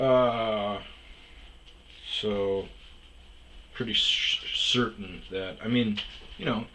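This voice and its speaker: Man, middle-aged, podcast host, slow unhurried talk, sharp bright tone, profane rambling rant. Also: lowish voice, a little hiss or hum. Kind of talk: casual rant.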